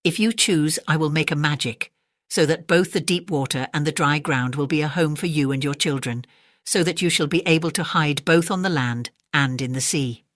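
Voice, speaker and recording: A weary, lazy fisherman, as a storyteller puts him on talks plainly at a middle pitch. Dry, close audiobook sound. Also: normal speed, fairly bright tone, no echo, lightly acted. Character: lazy male fisherman in a canoe. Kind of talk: storybook reading.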